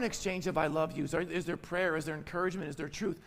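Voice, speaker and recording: A man's voice: high-pitched, fast talker, creaky, few pauses. Middle-aged male pastor, emphatic sermon delivery, long reverberant hall. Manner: emphatic, repeats phrases for stress.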